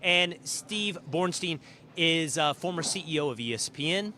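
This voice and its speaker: A middle-aged man hosting a show, telling casual stories and previewing guests in an animated, emphatic way from a green room. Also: a little high, normal speed, a little hiss or hum. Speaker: show host. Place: green room at a live event.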